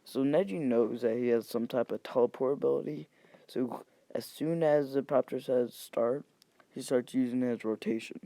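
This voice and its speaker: Gravelly young man rambling a story. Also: mid-range voice, moderate pace, dark tone, dry recording. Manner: rambling, profane, self-correcting. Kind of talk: casual retelling of a fan story.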